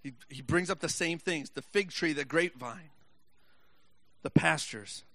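A high, bright-toned male preacher delivering a sermon with a dry, close sound. He reads verses in a slow, deliberate way, makes joking asides to his listeners, and builds to passionate, raised exhortation. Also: dry recording. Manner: reads scripture slowly, then builds to impassioned shouting.

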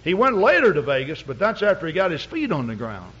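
Husky-voiced pastor, lively folksy storyteller. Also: male voice, on the high side, a little fast. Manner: folksy, rambling with many fillers. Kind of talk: storytelling sermon. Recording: dull lo-fi recording.

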